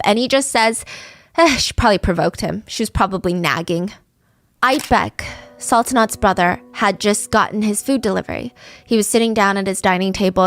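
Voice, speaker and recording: A woman's voice: medium pitch, no room sound. A woman podcast host narrating a true crime story in a vivid, conversational way.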